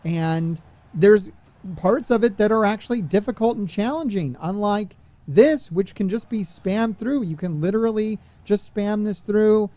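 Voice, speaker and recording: A man's voice: high-pitched, measured pace, mellow. A man streaming a wrestling video game, commenting on it in a frustrated, ranting way and swearing. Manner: exasperated, swearing rants. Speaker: gaming streamer. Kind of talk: gameplay commentary.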